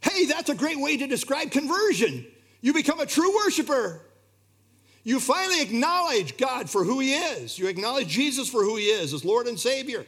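A man's voice: very high-pitched, sing-song, moderate pace, fairly bright tone, husky. A man preaching a sermon in an earnest, emphatic way, his delivery rising and falling. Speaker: pastor.

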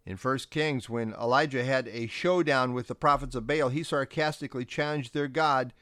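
Male pastor, middle pitch, preaching forcefully with pointed emphasis, dry close recording. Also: normal speed, no room sound. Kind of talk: sermon.

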